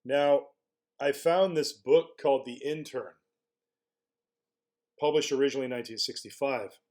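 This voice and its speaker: A man's voice: medium pitch, moderate pace, darkish tone. A man talking through his ideas in casual spoken commentary as a blogger. He muses aloud, asks rhetorical questions and often restarts his phrases.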